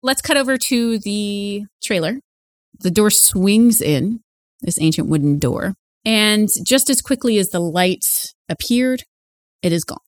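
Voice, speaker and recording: A woman's voice: medium pitch, expressive, unhurried, dry recording, studio quality. A woman running a tabletop game as game master, narrating in an easy, conversational way.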